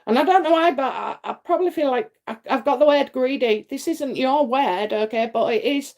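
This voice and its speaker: A middle-aged woman from England, hosting a psychic livestream, rambles through casual chat and readings with many fillers and repetitions. Her voice is high-pitched and darkish in tone, and she talks a little fast.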